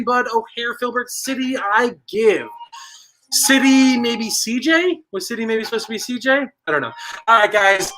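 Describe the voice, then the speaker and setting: Young male trivia host, high pitch, bright edge, goofy and quick with a joke. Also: poor audio. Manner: playful and jokey, rattling off viewer guesses. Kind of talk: livestream game hosting.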